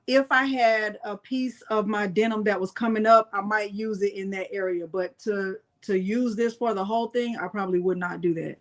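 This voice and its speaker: A woman hosting a casual live-stream crafting tutorial, chatting with viewers and reading product labels aloud. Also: mid-range voice.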